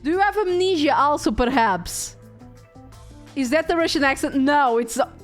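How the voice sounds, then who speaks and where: A woman's voice: sits high, animated, moderate pace, faint music behind. A woman from Portugal, chatting casually and swearing as she streams a game. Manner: casual, swears, thinks aloud while playing.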